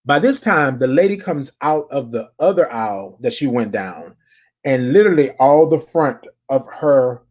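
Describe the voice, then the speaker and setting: Animated, husky podcast storyteller. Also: mid-range voice, normal speed. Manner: animated, repeats phrases, addresses listeners directly. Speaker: podcast host.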